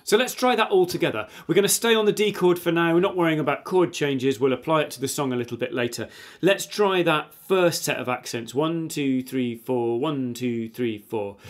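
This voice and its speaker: A man's voice: a little high, fairly quick. A man teaching a guitar lesson, patiently counting beats aloud and explaining strum directions while he plays. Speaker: music teacher. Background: guitar playing.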